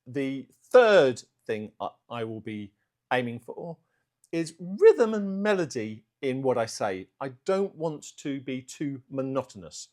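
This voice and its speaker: A man talking unscripted to camera for his art channel vlog. He speaks in a self-aware way and works on slow, deliberate delivery, though fillers still slip in. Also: medium pitch, very animated, darkish tone. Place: indoors, room at home.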